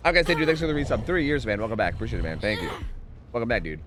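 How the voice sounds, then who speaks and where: A man streaming a game, chatting casually, swearing and yelling at the screen between stretches of humming. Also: medium pitch, rapid-fire, background noise. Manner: swearing, animated, yells at the screen, hums to himself. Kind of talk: casual gameplay commentary. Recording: game music behind the voice. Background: game music.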